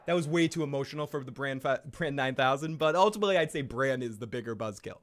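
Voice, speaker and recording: A man's voice: mid-range voice, fast talker. A man hosting a video show, giving casual, profane, joking reaction commentary and laughing often. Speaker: YouTube show host.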